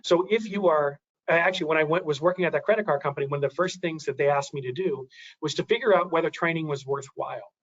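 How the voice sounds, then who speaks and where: A man's voice: fairly high pitch, fast, dull audio. A man giving a webinar presentation, talking through graphs, thinking aloud with many restarts and fillers.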